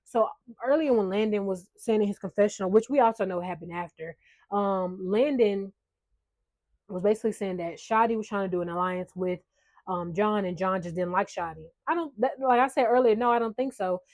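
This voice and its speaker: A woman's voice: medium pitch, fairly quick, darkish tone, no echo. A woman giving a casual reality-show recap, chatty, blunt and sarcastic, swearing freely. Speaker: recap vlogger.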